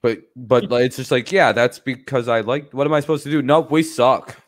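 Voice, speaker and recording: A man in the middle of an easygoing stream, talking in a loose, rambling flow that's peppered with swearing and quick laughs. His pitch sits mid-range for a man. The sound is close and dry, with hardly any room around it. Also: no echo. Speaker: streamer host. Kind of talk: casual livestream chat.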